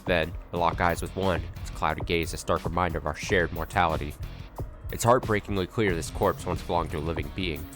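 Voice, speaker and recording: A man's voice: deep voice, fairly even intonation, brisk, music in the background. A man streaming a video game, reading its story text aloud dramatically and adding wry asides.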